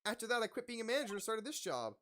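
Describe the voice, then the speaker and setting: Woman voicing a poised exhibit planner; polite, formal, lively. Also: fairly high pitch, very fast, slight background noise, voice pushed up. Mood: grateful.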